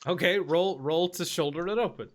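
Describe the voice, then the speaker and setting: A man's voice: high voice, normal speed, noisy background. A man running a tabletop game as game master, chatty and laughing easily.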